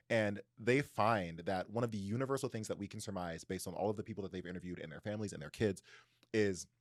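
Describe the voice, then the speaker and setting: A man's voice: on the low side, no echo, studio quality. A man co-hosting a casual book discussion, retelling a story animatedly with lots of "like" fillers. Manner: animated, frequent "like" fillers, laughs while telling. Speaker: podcast co-host.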